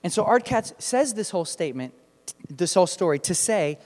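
Preacher, male, high voice, emphatic storyteller, long hall reverb. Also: very animated, brisk, a little mellow. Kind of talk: sermon with storytelling.

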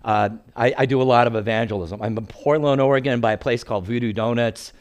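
Older male pastor, animated storyteller with a joking sermon delivery. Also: mid-range voice, quick pace, smooth. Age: 60s.

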